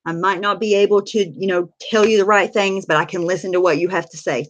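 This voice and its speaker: A woman's voice: mid-range voice, fairly even intonation, fairly quick, lo-fi sound. A woman livestreaming to her chat. She talks candidly about her own life, swears freely and uses lots of fillers. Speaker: livestreamer sharing her recovery story. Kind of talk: casual livestream talk answering chat.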